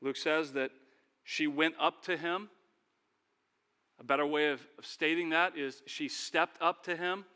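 Animated high-voiced preacher in a hall. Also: male voice, unhurried, pauses often, clean tone. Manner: animated, acts out characters, calls on the congregation. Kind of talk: sermon.

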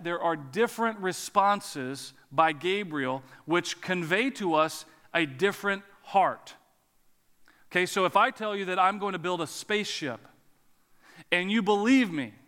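A man's voice: high voice, a little slow, pushed and bright. Male pastor preaching in an echoing hall. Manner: earnest, expository, uses emphasis. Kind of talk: sermon with prayer. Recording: long echo of a large hall.

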